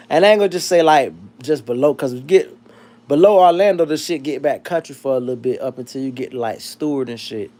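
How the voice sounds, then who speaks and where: Man, livestream host, casual chat, profane, animated, rambling, medium pitch. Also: fast. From South Florida.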